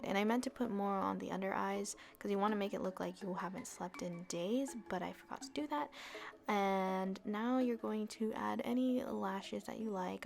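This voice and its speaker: A woman's voice: medium pitch, vocal fry. A woman talking through a casual makeup tutorial in a chatty, self-deprecating way, with plenty of asides. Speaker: beauty vlogger.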